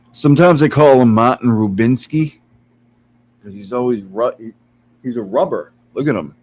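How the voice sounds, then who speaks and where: A man's voice: mid-range voice, a little slow, pauses often, a little mellow, slightly rough, rough recording. A man streaming casually from home, chatting with viewers, laughing often and cooing at his cat, sitting some way from his computer mic. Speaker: live streamer. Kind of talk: casual live-stream chat. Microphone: computer mic some distance away.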